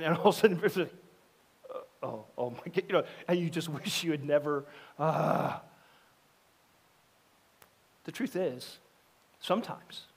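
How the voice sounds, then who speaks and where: A middle-aged man preaching in a loose, conversational way, slipping into quick voices for the people in his stories. His voice sits a little above the usual male pitch. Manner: conversational and animated, acting out quoted voices. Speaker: pastor. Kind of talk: sermon. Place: church sanctuary.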